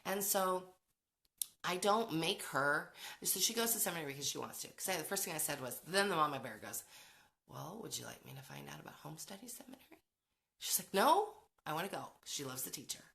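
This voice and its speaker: A woman's voice: low voice, animated, fairly quick, vocal fry, sharp tone. A woman in her forties hosting a podcast, talking casually about parenting, chatty, laughing often and acting out quotes. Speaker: podcast host.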